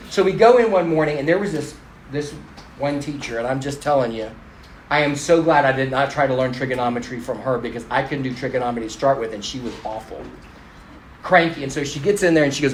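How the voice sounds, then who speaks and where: A man's voice: medium pitch, brisk, reverberant, a little hiss or hum, rough recording. A middle-aged man giving a conversational storytelling sermon to a congregation, speaking to the crowd directly and poking fun at himself. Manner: conversational and self-deprecating, addresses the crowd directly. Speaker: pastor.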